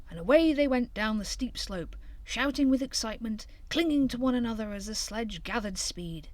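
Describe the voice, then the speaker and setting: A woman reading a children's storybook aloud in an expressive, lively way. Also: medium pitch, moderate pace, no echo.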